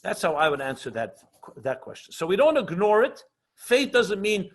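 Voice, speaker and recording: A man teaching an online class as a rabbi, earnest and passionate, often slowing down for emphasis and mixing Hebrew and Yiddish terms into English. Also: high voice, big pitch swings. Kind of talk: lecture with questions and answers.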